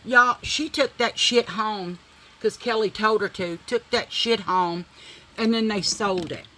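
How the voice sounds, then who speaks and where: A woman's voice: mid-range voice, measured pace, sharp tone, a little hiss or hum, poor audio. A middle-aged woman vlogger telling a dramatic story while doing her makeup, blunt and full of swearing.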